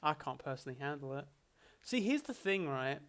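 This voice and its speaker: A man's voice: fairly high pitch, a little fast, a little hiss or hum. A man chatting casually and jokily as host of a live-stream Q&A. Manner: animated, chatty, jokey banter with chat. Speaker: streamer hosting a Q&A.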